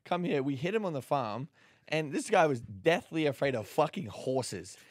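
A man's voice: fairly high pitch, very animated, normal speed, no room sound, studio quality. An Australian man hosting a podcast, telling a story in a laid-back way, swearing a lot and laughing easily. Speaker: podcast host. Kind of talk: casual podcast chat.

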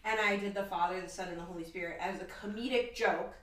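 A woman's voice: mid-range voice, steady tone, fast talker, a bit bright, echoey room, recorded from a distance, poor audio. A young woman co-hosting a podcast, telling a date story in casual chat and acting out both sides of the conversation. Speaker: podcast co-host.

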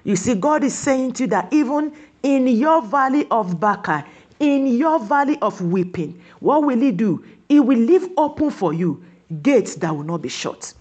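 A woman preaching with a husky, slightly breathy voice that rides fairly high. Her pitch swings widely as she presses her listeners with question after question. She slows down and draws out key words to drive them home. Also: darkish tone, lo-fi sound. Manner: emphatic, repeats rhetorical questions; stretches key words slowly for emphasis. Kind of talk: sermon.

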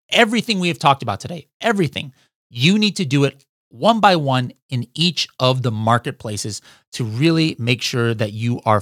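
A man hosting a podcast, giving an energetic how-to talk to listeners he keeps calling guys. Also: mid-range voice, no room sound, clean studio sound. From United States. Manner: energetic, addresses listeners as guys, frequent "all right?". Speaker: podcast host.

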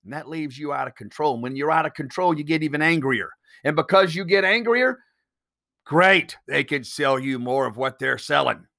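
A man's voice: on the high side, normal speed, creaky, bright, forceful tone. A man hosting a solo podcast, talking bluntly and emphatically, swearing freely and firing off rhetorical questions. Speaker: podcast host.

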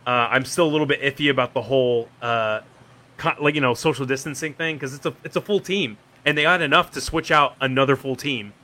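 A man's voice: mid-range voice, a little fast, bright, forceful tone. A man in casual chat, rambling through a story with many fillers.

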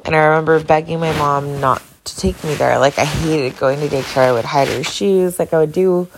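A woman with a notably low voice, speaking her mind in an unscripted solo vlog. She is blunt and outspoken and swears without holding back. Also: moderate pace, a little hiss or hum. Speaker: vlogger. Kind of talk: casual personal monologue to camera.

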